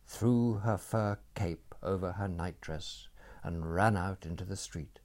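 Deep, slow male storyteller. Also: gravelly, a little mellow. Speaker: narrator. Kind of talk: scripted story narration.

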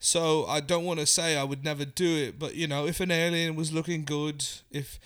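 A young man with a Northern English accent answers in a comic interview with a straight face. He rambles earnestly, and his voice sits a little high. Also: steady tone, normal speed, a bit bright, smooth. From England. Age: young adult. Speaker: interview guest. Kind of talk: deadpan comedic interview.

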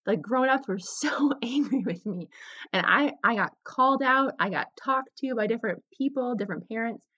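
A woman's voice: on the high side, moderate pace. Candid woman telling her story, lo-fi. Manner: animated, candid, slips into quoted voices. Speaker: podcast host. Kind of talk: personal storytelling. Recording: slightly dull lo-fi recording.

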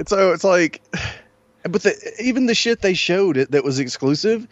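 A man's voice: high-pitched, animated, moderate pace, no room sound. A man in casual chat, blunt and dismissive, swearing freely. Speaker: podcast co-host. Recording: dull dry lo-fi sound.

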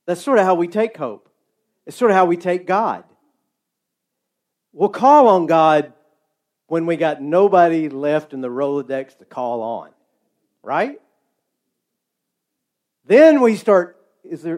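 A man preaching a sermon, slow and emphatic with dramatic pauses. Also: a little high, darkish tone.

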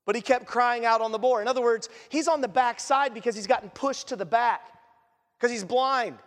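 A man's voice: very high voice, fairly quick. A male pastor giving a conversational sermon, asking the congregation questions and acting out the people in the story. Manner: asks the congregation questions and acts out quotes. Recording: long reverb of a large church hall.

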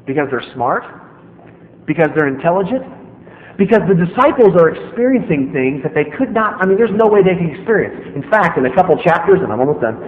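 Animated high-voiced preacher in an echoey hall. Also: male voice, a little fast. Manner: emphatic, joking, talks straight to the listeners. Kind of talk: sermon. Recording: echoey hall, dull lo-fi sound.

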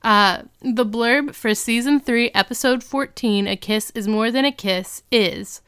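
A woman's voice: on the high side, a bit bright, clear, resonant tone. A woman co-hosting a casual rewatch podcast, playfully recapping an episode and acting out the characters' lines. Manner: playful, acts out lines in quick voices. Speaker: podcast co-host.

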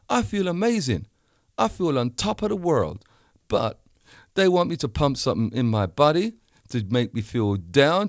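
A man's voice: medium pitch, dry recording, clean studio sound. A man from the UK talking straight at the listener in a ranting monologue, acting out both sides of his stories. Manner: animated storytelling, acts out both sides of dialogue.

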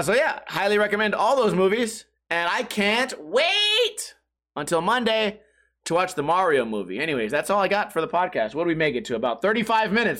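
A man's voice: high voice, sharp tone. A man hosting his podcast, rambling casually and joking with a profane streak. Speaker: podcast host. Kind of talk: casual chat.

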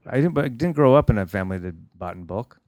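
A man's voice: medium pitch, lively intonation, quick pace, darkish tone, no echo, clean studio sound. A man co-hosting a podcast, rambling in a casual, self-deprecating way and laughing often. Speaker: podcast co-host and stand-up comic.

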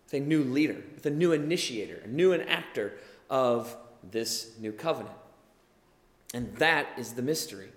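A man's voice: mid-range voice, expressive, moderate pace. A young man preaching a sermon, explaining earnestly and building to emphatic bursts, in a church hall. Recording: echoey hall with long reverb.

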